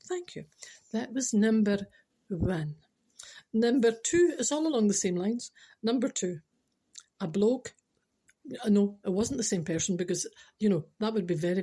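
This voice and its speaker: A woman's voice: mid-range voice, animated, brisk, mellow, slightly rough. A Scottish woman hosting a chatty podcast, teasing and speaking straight to her listeners, sometimes dropping to a whisper. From Scotland. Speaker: podcast host.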